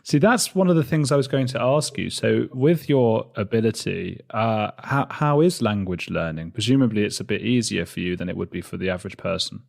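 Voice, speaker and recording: A man's voice: lowish voice, animated, fairly quick, gravelly, few pauses. A man from near London hosting a podcast, chatty and self-mocking, with frequent fillers. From England. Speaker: podcast host. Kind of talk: casual chat and spoken intro.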